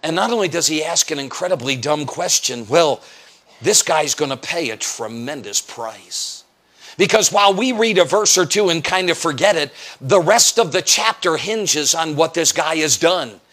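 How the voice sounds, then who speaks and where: An American evangelist preaches an emphatic sermon at a church evening service, firing off rhetorical questions, acting out quotes, and sometimes raising his voice to a shout. His pitch is fairly high, animated, at normal speed.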